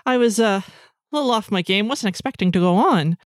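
A woman voicing an excitable, worn-out female singer who talks in a breathless, gushing rush. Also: medium pitch, brisk, dry recording, clean studio sound, natural voice. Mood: flustered.

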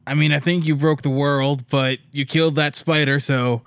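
Male tabletop player, casual and laid-back, smooth resonant voice, dry recording. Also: on the high side, fairly even intonation, normal speed, a bit bright, no room sound. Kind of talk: casual chat at a tabletop game.

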